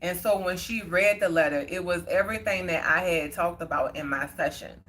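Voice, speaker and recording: Woman host, lowish voice, bright edge, chatty and heartfelt. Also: normal speed, slight background noise. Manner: earnest, conversational, many fillers. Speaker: livestream host. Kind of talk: casual storytelling.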